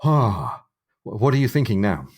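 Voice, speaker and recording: A man co-hosting a book-discussion podcast in a fairly low voice. He retells the plot with animated, emphatic reactions to each turn. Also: normal speed, slightly rough. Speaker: podcast co-host.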